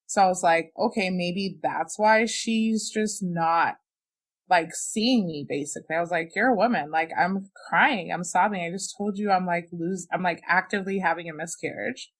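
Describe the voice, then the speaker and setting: Speaking at normal speed in a slightly rough, low-leaning voice, a young podcast guest shares a personal experience. She's frank and emotional, with plenty of "like" and "you know."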